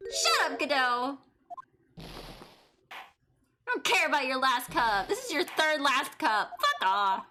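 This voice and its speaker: A young woman streaming a game, giving loud, frustrated commentary full of swearing. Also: high-pitched, sing-song, takes it slowly, long pauses, background noise. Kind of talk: live gameplay commentary. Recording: faint game music behind.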